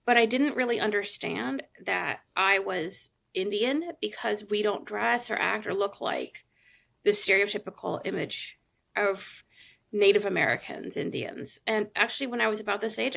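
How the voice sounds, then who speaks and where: Gravelly-voiced woman from New Mexico. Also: medium pitch, normal speed, a bit bright. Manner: adds corrections and personal memories. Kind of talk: casual podcast discussion.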